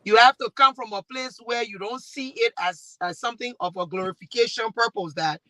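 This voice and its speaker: Liberian woman, talk-show host on a panel; animated storyteller who acts out quotes; very bright, pushing tone; dry. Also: a little high, fairly quick, hardly any pauses, no echo. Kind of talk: panel discussion.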